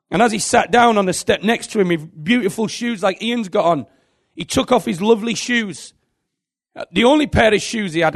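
A man preaching a sermon, telling an earnest and emotional testimony. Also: high voice.

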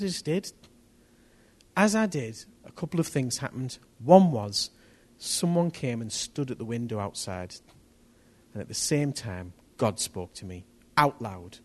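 A man preaching a testimony sermon, telling his story in an animated way that rises to near-shouts at the tense moments. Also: medium pitch.

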